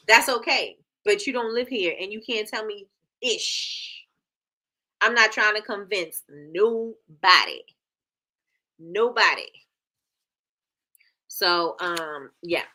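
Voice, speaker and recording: Sassy, bright-voiced woman livestream host. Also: medium pitch. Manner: animated, laughing, playful sass. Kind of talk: casual live chat reading viewer comments.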